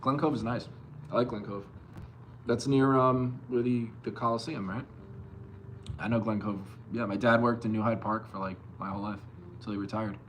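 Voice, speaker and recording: A young man from Long Island streaming live as a bass player, loosely reading chat and answering with plenty of swearing. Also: steady tone, moderate pace, slight background noise. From Long Island, New York. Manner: loose and profane, reads chat aloud and answers.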